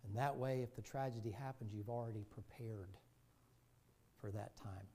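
A male pastor preaching a sermon and telling stories, his voice moving from loud passages to hushed ones. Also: fairly low pitch, normal speed, breathy edge. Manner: storytelling, swings from loud to hushed.

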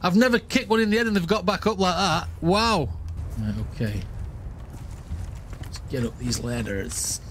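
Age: adult. Role: gaming streamer. Style: excitable playthrough commentary. Pitch: a little high. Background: faint noise. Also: male voice, moderate pace, long pauses. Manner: excitable, shouts and laughs at the action.

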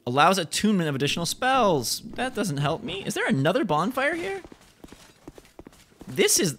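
Excitable high-voiced male gamer. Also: moderate pace, a little hiss or hum. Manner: excitable, yelling and joking at enemies. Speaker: let's play gamer. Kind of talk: live gameplay commentary. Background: game music.

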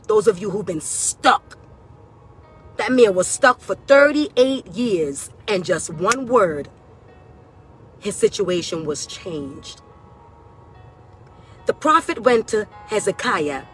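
A woman preaching a prophetic sermon outdoors, fervent and building to cries and shouts. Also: mid-range voice. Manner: fervent, rising to cries and shouts, Southern-style preaching cadence. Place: outdoors, hot day.

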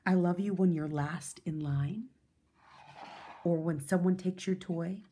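A woman reading a children's picture book aloud in a gentle, soothing way. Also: fairly low pitch, unhurried, a little hiss or hum. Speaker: storyteller.

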